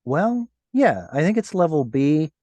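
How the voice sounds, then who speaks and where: A man's voice: a little high, sing-song, unhurried, mellow, no echo. A man teaching a language class online over a video call, patiently explaining word by word and correcting himself as he goes. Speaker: Hebrew teacher.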